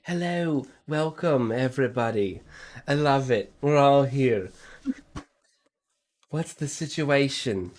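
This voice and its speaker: A man's voice: mid-range voice, slow pace, pauses often, a little mellow, close to an everyday voice. A man voicing a flamboyant male hobgoblin friar in a tabletop game, gushing and calling everyone baby.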